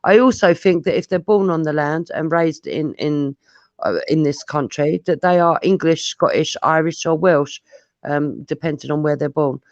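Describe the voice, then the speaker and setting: A woman from the UK makes her case on an online debate panel, earnest and measured, with some hesitant restarts. Her call audio sounds muffled and lo-fi, close and dry with no room sound. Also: sits low, darkish tone, no echo. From United Kingdom.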